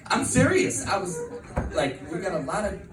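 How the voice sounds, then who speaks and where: A forty-something male stand-up comic with a slightly high voice, barreling through crude stories and getting louder at the punchlines. He is picked up from a distance in an echoey club, with a crowd laughing around him. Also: slow. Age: 40s. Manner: brash, profane storytelling with bursts of excitement. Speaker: stand-up comedian. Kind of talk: stand-up comedy set. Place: comedy venue with a live crowd. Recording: echoey room recorded from a distance, crowd audible. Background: audience laughter.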